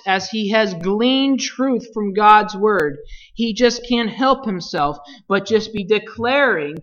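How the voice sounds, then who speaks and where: A Bible teacher leading a study, speaking deliberately and putting questions to the class. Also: medium pitch, sharp tone, muffled recording.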